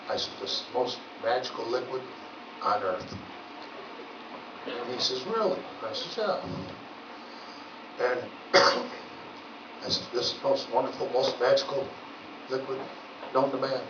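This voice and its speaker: Stand-up comic, male, rambling folksy delivery, lo-fi hall recording with noise. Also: mid-range voice. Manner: rambling, folksy, many filler words. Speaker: stand-up comedian. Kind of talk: stand-up storytelling. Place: legion hall. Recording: roomy, distant, dull lo-fi with noise.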